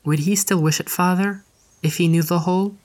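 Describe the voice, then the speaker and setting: Anguished young noblewoman, male reader - earnest, pleading, slightly higher. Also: steady tone, fairly quick, a little mellow, close to an everyday voice. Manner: earnest, pleading period diction. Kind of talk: audiobook reading.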